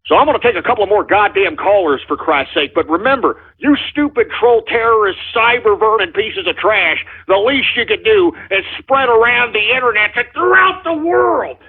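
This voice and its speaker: A man's voice: sits high, lively intonation, normal speed, gravelly, hardly any pauses, husky. A man hosting a call-in radio show, ranting angrily and swearing at his listeners. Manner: angry, profane, shouting insults at trolls. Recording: tinny phone-like sound.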